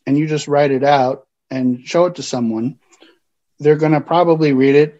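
A man working as a counselor, explaining things in a calm, measured way during a podcast interview. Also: fairly high pitch, lo-fi sound.

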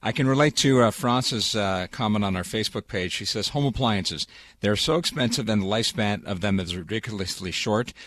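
A man co-hosting a radio show, reading a listener comment and tossing in quick, expressive reactions. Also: fairly low pitch, no room sound. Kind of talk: casual radio chat.

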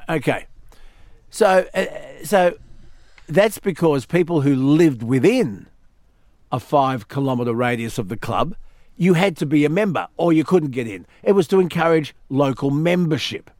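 An Australian man hosting a talk radio show, telling a story with lively acted quotes in a studio. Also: fairly high pitch, normal speed, no room sound. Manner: animated storyteller, acts out quotes. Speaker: radio host.

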